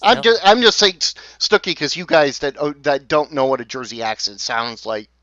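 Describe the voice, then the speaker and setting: Man, game master, halting, smooth voice, dry dull lo-fi sound. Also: on the high side, sing-song, fairly bright tone, dry recording. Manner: halting, many restarts and fillers, laughs often. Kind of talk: narrating a tabletop game.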